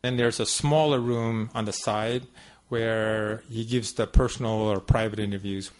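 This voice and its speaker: A man's voice: lowish voice, steady tone, unhurried. A man giving a talk to an audience at a devotional center, telling a personal story in a conversational, meandering way with many asides. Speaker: guest speaker at a devotional center.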